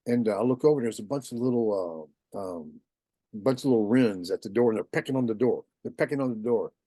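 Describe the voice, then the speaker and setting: Man telling a story, lively, acts out the voices; mellow tone, dry sound. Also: fairly low pitch, fast, dry recording. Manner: animated, acts out quoted voices. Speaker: guest. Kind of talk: casual storytelling.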